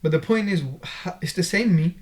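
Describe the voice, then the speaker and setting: A man's voice: sits high, moderate pace. A man hosting a podcast in casual chat, reflective and thoughtful. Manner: reflective, answers with short religious interjections.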